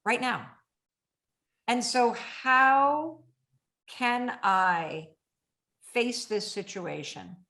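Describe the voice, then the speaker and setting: Podcast host, woman, lively storyteller, mid pitch, echoey room. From United States. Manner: animated, acts out her own inner voice in high tones. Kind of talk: casual chat. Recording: roomy echo.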